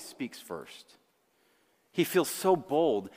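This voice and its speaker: A male pastor delivering a sermon, slowing down dramatically to stress key words. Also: medium pitch. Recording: long hall reverb.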